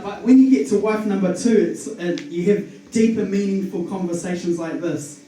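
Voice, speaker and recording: A high-voiced man with a New Zealand accent does a stand-up set, nervous and rambling, full of ums, restarts and giggles at his own jokes. He sounds distant from the mic in a very echoey room. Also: moderate pace, warm tone. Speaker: stand-up comedian. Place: comedy club stage with audience.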